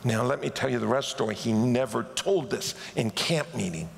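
A man's voice: mid-range voice, a little fast, gravelly, a little hiss or hum. A man preaching a sermon, telling stories with animation and acting out the people in them. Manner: animated storyteller who acts out the people in his stories. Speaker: pastor. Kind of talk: sermon storytelling. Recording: echoey hall.

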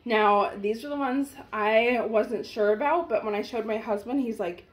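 A woman's voice: a little high, moderate pace. A young woman vlogger chatting casually to her viewers as she tries on clothes at home, gushing and talking straight to camera. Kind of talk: casual try-on haul chat.

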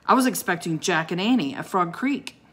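A woman reading aloud and voicing a gruff, huge bearded wizard who talks in a slow, booming, scornful way. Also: expressive.

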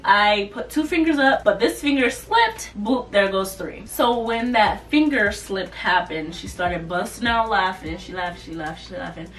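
A young woman casually telling a storytime vlog, animated and loose, slipping into mocking voices. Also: medium pitch, moderate pace. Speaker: vlogger. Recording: voice a bit far from the mic, soft music behind.

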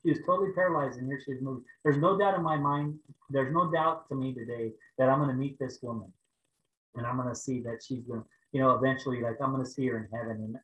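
A man preaching over a video call, telling a personal story in an animated way and raising his voice for the prayers. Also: mid-range voice, reverberant, low-quality recording. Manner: animated storytelling, rising to loud exclaims when acting out prayers. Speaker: pastor.

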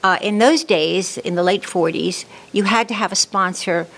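A woman's voice: fairly low pitch, normal speed, creaky, a bit bright. A woman in her seventies, born in Germany and raised in New York, unhurriedly telling her life story as an interview guest. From born in Germany, raised in the Bronx, New York. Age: 70s.

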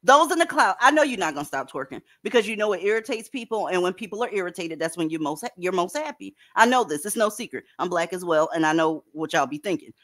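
A woman's voice: fairly low pitch, lively intonation, fast, few pauses, a bit bright. A woman hosting a casual online panel chat, blunt and profane, lecturing her listeners. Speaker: panel host.

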